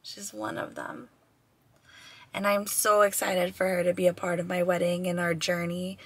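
A woman in her twenties talks to her camera in an easy vlog style. She gushes and gets emotional, with a sigh here and there, and her voice sits a little low. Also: moderate pace, fairly bright tone, no echo. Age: 20s. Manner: gushing and emotional, with sighs. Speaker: vlogger and bride-to-be. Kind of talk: casual vlog talk to camera.

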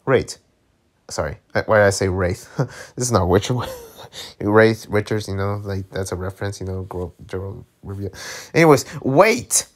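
A man's voice: low voice, flat delivery, normal speed. A man hosting a channel where he reads a webcomic aloud, reacting with laughs and exclamations. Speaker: webcomic reader channel host.

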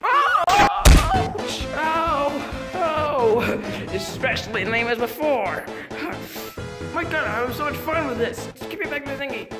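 Excitable, animated woman over music. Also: fairly high pitch, normal speed. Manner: excitable, stammering with many repeats. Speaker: fan video puppeteer voicing characters. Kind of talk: improvised toy skit. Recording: music playing behind.

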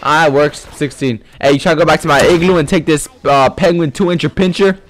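A man hosting a gaming video who plays a boastful rich penguin in voice chat, talking in a brash, mocking, trash-talking way with loud bursts. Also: a little high, fairly even intonation, brisk. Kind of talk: in-game voice chat role-play.

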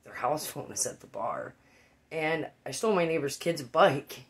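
Gravelly-voiced man telling a wild story. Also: fairly high pitch, moderate pace. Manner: rambling, profane, animated voices for quotes. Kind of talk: casual storytelling.

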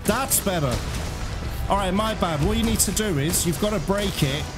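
A man's voice: high voice, moderate pace. A man giving live gameplay commentary as a channel host, often exclaiming and swearing in frustration. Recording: loud game music behind. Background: loud game music.

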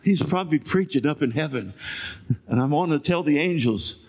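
An older man preaching a sermon, moving between shouted lines and quiet storytelling. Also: fairly high pitch, animated, moderate pace, slightly rough. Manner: swings from shouting to hushed storytelling. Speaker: pastor.

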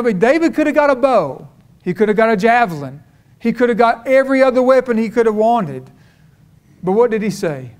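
A middle-aged man preaching a sermon, telling a personal story in a folksy way that builds to fervor. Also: sits high. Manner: storytelling, folksy, rising to fervent.

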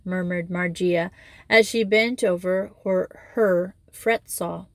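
Woman narrator, audiobook reading, measured, mid pitch, dry close mic. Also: fairly even intonation, no room sound. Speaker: audiobook reader. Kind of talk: reading a children's novel aloud.

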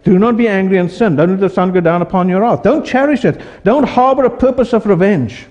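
A man's voice: high-pitched, brisk, darkish tone, big-room sound. A man preaching a sermon as pastor, asking his congregation questions as he goes.

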